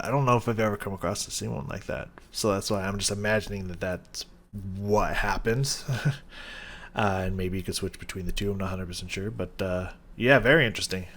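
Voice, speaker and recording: A man's voice: low voice, fairly bright tone. Rambling laid-back man reacting to music. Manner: rambling, loose, with frequent fillers and laughs; swears casually. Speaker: music reaction channel host. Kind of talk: casual reaction commentary.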